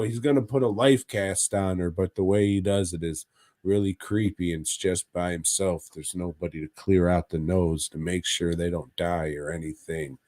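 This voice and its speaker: A man's voice: on the low side, fairly even intonation, a little slow, a little mellow, no room sound, clean studio sound. A man co-hosting a podcast, recapping episodes in a crude, joking way and laughing as he talks. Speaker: podcast co-host. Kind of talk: casual chat recapping a horror anthology.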